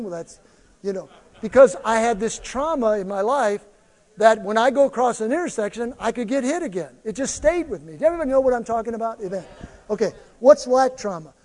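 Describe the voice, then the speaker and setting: A man's voice: extremely high pitch, a little fast, long reverb tail. A male pastor preaching a sermon, telling personal stories and acting out the voices of people in them. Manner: animated storytelling preacher, acting out quoted voices.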